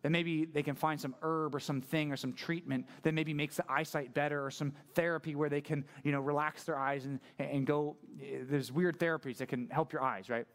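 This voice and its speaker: Male pastor, conversational sermon, slightly raised pitch, lively and informal. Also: fairly quick, hardly any pauses. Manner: casual, conversational, animated.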